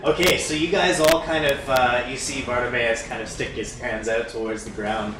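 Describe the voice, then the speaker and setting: A man's voice: mid-range voice, fairly even intonation, moderate pace. A man narrating a tabletop game as game master, in a loose style with many fillers and chuckles. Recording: echoey room, distant mic, music.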